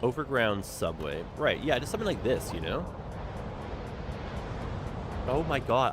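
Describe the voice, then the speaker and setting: A man's voice: mid-range voice, sing-song, a little slow, pauses often, background noise. A man streaming a city-building game, chatting casually and reacting with dramatic exclamations. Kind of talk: casual gameplay commentary.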